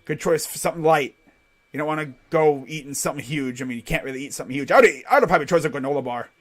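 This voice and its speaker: A man streaming casual play-by-play commentary on a basketball game, jumping between quick excited calls and rambling, jokey asides. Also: fairly high pitch. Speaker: live reaction play-by-play streamer.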